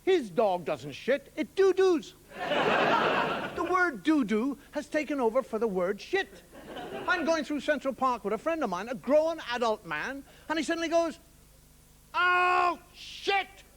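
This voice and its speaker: A man telling stand-up comedy, wry storytelling that slips into quick put-on voices for the people he quotes. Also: extremely high pitch, big pitch swings. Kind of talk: stand-up monologue. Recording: TV studio with audience laughter and noise. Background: audience laughing.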